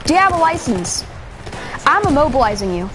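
A bossy, self-important police officer barks orders in a high, strained voice, as a man puts him on while commenting on gameplay. He scolds in a pompous rapid-fire rush, and a faint hiss sits under the voice. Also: sing-song. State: straining his throat.

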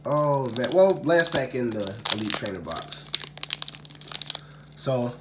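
A man's voice: medium pitch, expressive, takes it slowly. A man hosting a casual, unscripted video, talking straight to the camera, often sighing and repeating himself in exasperation. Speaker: card-opening video host. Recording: crinkling packaging noise throughout.

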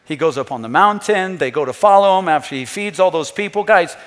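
A male pastor preaching a sermon, emphatic, dropping to a hush and then rising to loud. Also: fairly high pitch, expressive, fairly quick, big-room sound. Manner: emphatic, swings between hushed and loud, acts out scripture quotes. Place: church.

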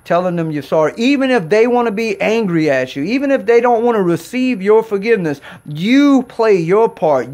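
A man with a notably high speaking voice delivers a sermon. He exhorts earnestly, circling back over his phrases and stumbling into restarts as he presses his point. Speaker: preacher.

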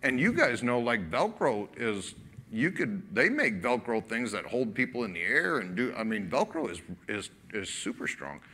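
A male pastor with a mid-range voice preaches at a moderate pace, telling a story conversationally and acting out both sides of the dialogue. His sermon style is animated yet casual, sprinkled with filler words.

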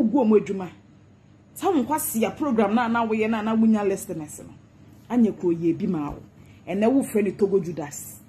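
Ghanaian woman, social media commentator, scornful gossip rant, mid-pitched voice, repeats her insults. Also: brisk, mellow, a little hiss or hum. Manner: mocking, insulting, repetitive taunts.

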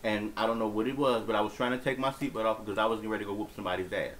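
A man's voice: on the low side, steady tone, racing, a bit bright, slight background noise, low-quality recording. A man telling a personal story in a casual vlog, rambling and profane, with many fillers and restarts.

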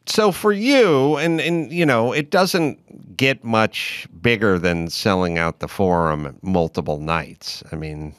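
Slow, low-voiced male podcast host. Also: fairly bright tone, no echo, studio quality. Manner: deliberate, musing questions. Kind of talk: casual interview chat.

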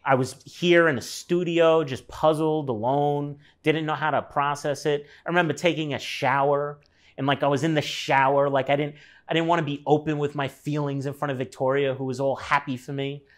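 A man's voice: fairly high pitch, flat delivery, normal speed. A man in his thirties telling a personal story in a loose, rambling way, with lots of fillers and swearing. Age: 30s. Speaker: artist guest. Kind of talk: casual storytelling conversation.

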